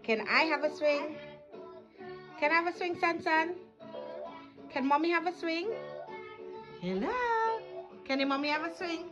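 A woman's voice: high-pitched, measured pace, pauses often. A woman, the mother, talking to her baby son in a sing-song, playful way with laughs, home-video style. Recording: slightly dull with music behind.

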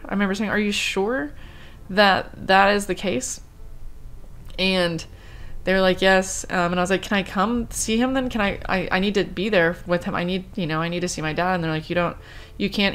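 A grieving woman in her thirties tells a personal story to her vlog audience. Her voice sits a little low, and she talks in halting runs, circling back with fillers and restarts while she quotes what others said. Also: a bit bright. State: grieving, subdued. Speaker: vlogger.

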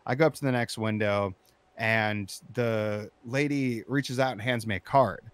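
Brief: casual man, low voice, swears freely, animated storyteller who turns loud. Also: measured pace, clean tone, no room sound. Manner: animated, profane, rising to shouting when recounting anger. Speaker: storyteller in interview.

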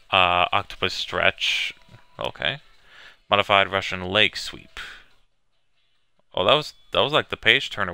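Male gamer, crisp and bright, dry close sound, casual hesitant commentary. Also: low-pitched, dry recording. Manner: hesitant, many fillers, reads on-screen text aloud. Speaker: gamer playing a video game. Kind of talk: casual let's-play commentary.

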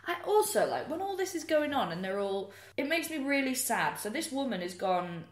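A woman's voice: sits high, sing-song, moderate pace. A woman comedian co-hosting a true-crime podcast, talking bluntly with sarcastic, sweary asides. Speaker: comedian co-host. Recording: roomy echo.

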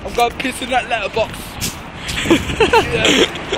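A man's voice: extremely high pitch, expressive, slow. A teenage young man, swearing and mocking his friends in rowdy joking banter. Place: outdoors on a city street at night. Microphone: camera phone held by a friend. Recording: noisy street recording with traffic. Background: loud traffic.

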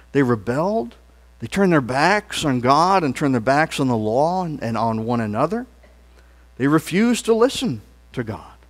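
An earnest male pastor preaching from the pulpit. His pitch sits a bit high and swings widely, rising on emphatic words and dropping low and soft at the ends of phrases. He leads the congregation in call-and-response lines. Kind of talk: sermon. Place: church sanctuary.

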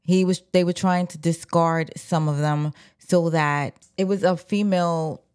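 A woman casually retelling an old scandal from a book, animated and slangy, talking straight to her viewers. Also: on the low side, a little slow, clean tone. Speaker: book commentator. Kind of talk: casual storytelling.

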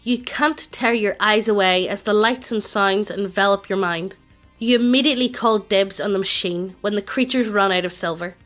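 A text-to-speech woman's voice narrating a tabletop game, with a flat, evenly paced computer reading. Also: medium pitch, moderate pace, faint music behind.

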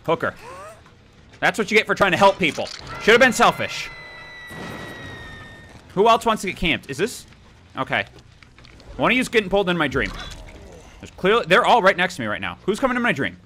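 Excitable man taunting through a game. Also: high voice, fast talker, pauses often, a little hiss or hum. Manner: playful taunting, excitable outbursts. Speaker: gaming YouTuber. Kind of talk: let's play commentary.

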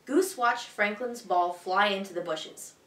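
A woman teacher reading a children's picture book aloud in a clear, expressive, evenly paced way. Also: mid-range voice, measured pace, far from the mic. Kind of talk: storybook read-aloud for children. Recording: echoey room, voice a bit off-mic.

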